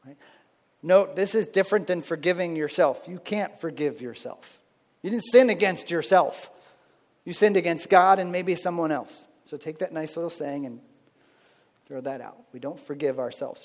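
A married father working as a pastor gives a sermon in a conversational style, frequently adding "right?". His fairly high voice is a little mellow and carries a long reverb tail.

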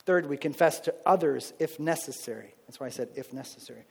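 A married pastor with children preaches in a fairly quick, conversational way, often saying "right?". His slightly high voice is gravelly and husky, and the recording has a big-room sound.

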